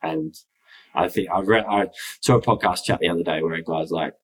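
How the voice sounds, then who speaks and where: Deep-voiced father, earnest. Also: a little fast, slightly rough, poor audio. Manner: earnest, reflective. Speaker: podcast co-host, father. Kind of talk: casual podcast chat.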